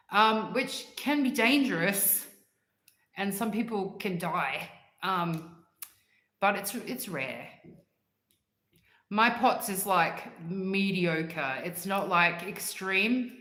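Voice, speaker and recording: A woman's voice: medium pitch, drawn-out words, long pauses, pushed and bright, echoey room. A woman hosting a livestream, chatting casually and answering live comments in a rambling way and laughing often. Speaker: livestream host.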